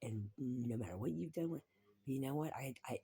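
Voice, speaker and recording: A woman's voice: extremely low pitch, animated, a little fast, mellow. A woman talking in a rambling personal monologue, repeating herself, swearing freely and sometimes dropping into a whisper.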